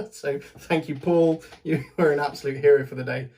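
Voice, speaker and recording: A man's voice: fairly high pitch, steady tone, normal speed, darkish tone. A British man giving a casual, rambling spoken recap to camera, chatty, laughing often and restarting his sentences. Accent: British English. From Britain. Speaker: vlogger.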